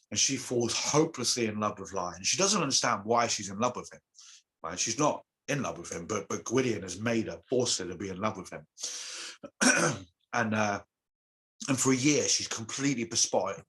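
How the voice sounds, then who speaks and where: A man, a shamanic teacher, retelling an old myth as a guest in an animated, halting way. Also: lowish voice, low-quality recording. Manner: animated storyteller, halting with restarts. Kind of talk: telling a myth in conversation.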